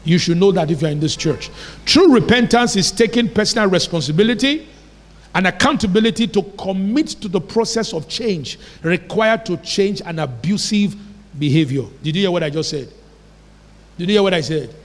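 A man preaches with emphatic conviction, repeatedly checking whether his congregation has understood him. His voice sits high for a man. The sound carries the long reverb of a church hall. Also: animated, normal speed. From Nigeria. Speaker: pastor. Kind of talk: sermon.

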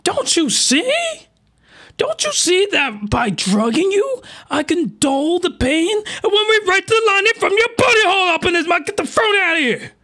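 A desperate princess begs in a high, bright, crying falsetto, as a man puts her on. Her whiny pleas wobble up and down as she tries to talk her way out of trouble. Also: very animated, moderate pace, heavily acted. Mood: pleading. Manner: shrill wailing, sobbing pleas, crude comic paraphrase.

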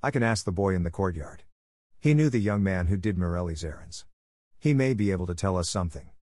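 A man's voice: low voice, lively intonation, quick pace, a little mellow, dry recording, studio quality. A man voicing a gray-haired older shopwoman who answers in a matter-of-fact way. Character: gray-haired old shopwoman, brusque but kind.

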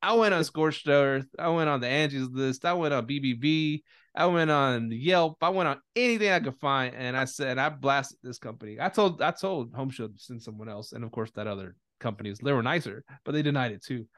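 A man's voice: medium pitch, brisk, a bit bright, no room sound. A man hosting a podcast in casual chat, talking bluntly with lots of profanity and restarts. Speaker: podcast host.

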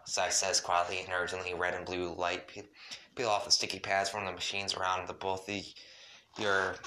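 A man's voice: low voice, pushed and bright, slight background noise. A man reading a second-person fan story at home, his voice shaky from the cold, with stumbles and chatty asides. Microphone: home mic, cold room.

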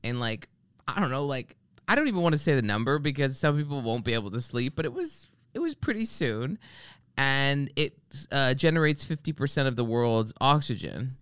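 A podcast host with a medium-pitched, smooth voice speaks at a moderate pace, recorded dry with studio quality. He tells ranting comic stories in casual conversation, swearing freely. As an animated storyteller, he mimics the people in his anecdotes.

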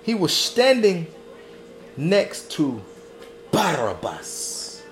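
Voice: mid-range voice, wildly swooping pitch, extremely slow, slight background noise. A pastor preaching a sermon with rhythmic repeated refrains and folksy asides, calling listeners "baby".

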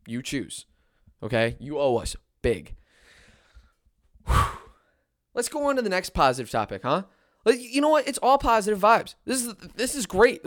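Excitable male sports fan ranting. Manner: excitable, big swings between loud cheering and low muttering. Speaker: sports YouTuber.

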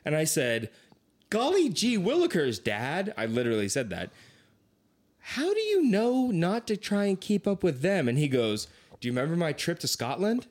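Animated young man telling stories. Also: moderate pace. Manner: animated, acts out quoted voices with big pitch swings. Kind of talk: casual storytelling chat.

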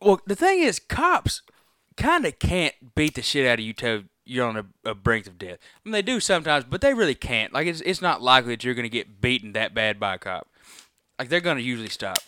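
A man's voice: medium pitch, big pitch swings, brisk, pushed and bright, smooth, no room sound. Podcast guy, bouncy up and down voice, laughs a lot, dry close mic. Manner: laughing, chiming in with reminders. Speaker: podcast co-host. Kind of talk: casual chat.

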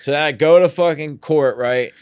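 A man's voice: fairly high pitch, normal speed, clear, resonant tone, dry recording. A young man, telling his own story as a podcast guest, swearing, laughing often and saying "bro" every few words. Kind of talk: casual storytelling.

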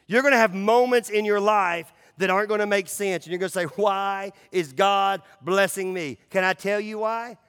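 A pastor with a high-pitched voice preaches to his church, casual and conversational, dropping into near-hushed lows and then surging back loud and emphatic. His voice rings out with a long reverb tail, as in a big sanctuary. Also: fairly even intonation, a little fast, few pauses, clean tone. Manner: swings between loud emphatic runs and hushed low drops. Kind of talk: sermon.

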